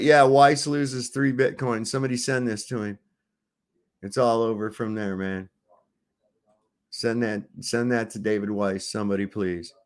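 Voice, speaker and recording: A man hosting a casual commentary show, reacting sarcastically to videos with frequent swearing. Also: mid-range voice. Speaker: host.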